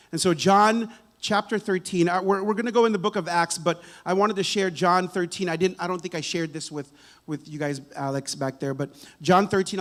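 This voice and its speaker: Higher-voiced man preaching conversationally. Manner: conversational, repeats words and asks "right?" often. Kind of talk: sermon. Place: church sanctuary.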